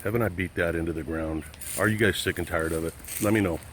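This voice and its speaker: A man's voice: sits low, fast talker, a bit bright, a little hiss or hum. A man vlogging outdoors, ranting angrily and profanely in a rambling, casual way. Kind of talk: casual rant to camera.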